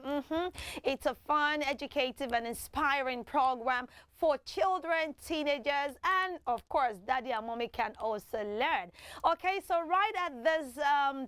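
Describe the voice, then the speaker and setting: A woman hosting a children's TV show, teaching in an animated way and having kids repeat words after her. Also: high voice, no room sound. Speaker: children's TV host.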